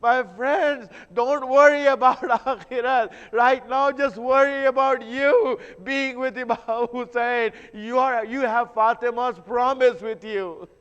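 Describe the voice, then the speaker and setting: A man's voice: very high-pitched, steady tone, slow, hardly any pauses, a bit bright, clean tone. A man giving an emotional mourning sermon, repeating his lines and breaking into sobs as he speaks. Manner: grieving, repetitive, breaks into sobs. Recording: echoey hall, slightly dull sound.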